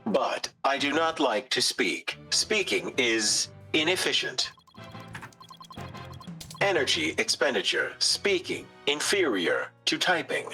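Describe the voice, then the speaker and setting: A terse bomb expert talks through a robotic synthesized voice, played by a male text-to-speech voice. The phrasing is clipped and slow, and the tone is bright and hard. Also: mid-range voice, vocal fry, faint music behind, heavily acted. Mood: flat. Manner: clipped, flat, telegraphic phrasing.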